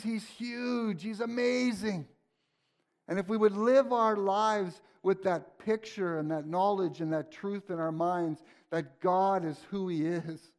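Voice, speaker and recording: A man preaching a sermon in a church, praying and teaching with fervent, emphatic repetition. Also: sits high. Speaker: pastor. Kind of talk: sermon with prayer. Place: church sanctuary.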